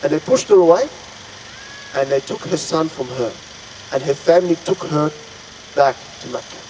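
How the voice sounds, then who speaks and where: A man's voice: on the high side, animated, moderate pace, darkish tone, slight background noise, rough recording. A man earnestly retelling an Islamic story to an audience, dramatic and full of pious exclamations. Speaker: religious storyteller.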